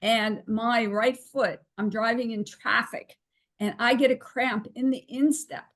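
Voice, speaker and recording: A woman's voice: fairly high pitch, fairly even intonation, a little slow, a bit bright. A woman hosting a webinar on a video call, conversational and encouraging as she calls on participants. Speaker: webinar host.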